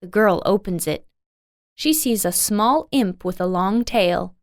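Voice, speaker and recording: A woman's voice: mid-range voice, a little slow, no room sound, studio quality. A woman narrating a folk tale in a simple, carefully paced storybook reading. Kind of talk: slow scripted storybook narration.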